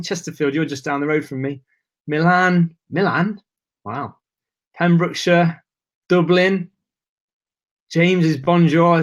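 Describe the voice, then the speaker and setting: A man hosting a live webinar, chatting casually and greeting viewers by name, a bit nervous. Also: fairly high pitch. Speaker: webinar host.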